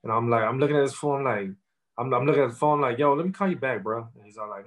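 This is a man in his thirties, a rapper, spinning animated, profane stories in a casual interview and leaning on fillers again and again. He has a mid-range voice and talks fast.

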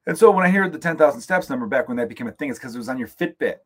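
Husky-voiced man ranting on his podcast. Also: mid-range voice, expressive, racing, a bit bright. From United States. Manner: profane, joking, rambling asides. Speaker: podcast host. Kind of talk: casual solo comedic rant. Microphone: studio microphone, close.

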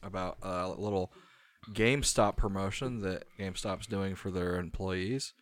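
A man's voice: low-pitched, fairly even intonation, measured pace. A man co-hosting a podcast, laid-back in casual chat and swearing when riled up. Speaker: podcast co-host.

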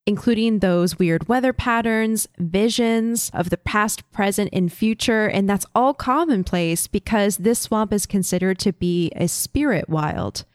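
Podcast lady explaining show lore step by step, mid pitch, dead dry sound. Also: a little slow, few pauses, no echo. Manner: explanatory, lays out theories step by step. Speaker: podcast co-host. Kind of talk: casual recap chat.

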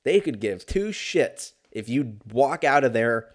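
A man's voice: mid-range voice, very animated, measured pace. A man telling a story in a casual, profane, rambling and sarcastic rant.

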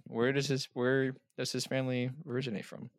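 A man's voice: medium pitch, little pitch movement, a little fast, no echo. A young man chatting on a podcast, rambling with hesitant asides. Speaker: podcast player. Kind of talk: casual chat.

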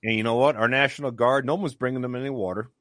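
A man's voice: mid-range voice, fairly even intonation, quick pace, fairly bright tone, dry recording, clean studio sound. A man hosting a casual discussion, making emphatic points and stopping often to say "okay".

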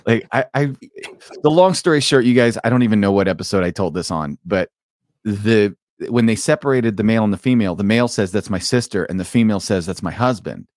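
A man co-hosting a podcast, telling an anecdote in casual chat, chatty and quick to laugh. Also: fairly low pitch, expressive, darkish tone, no room sound, studio quality. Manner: chuckling, chatty, jumps in with questions. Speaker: podcast co-host. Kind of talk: casual storytelling.

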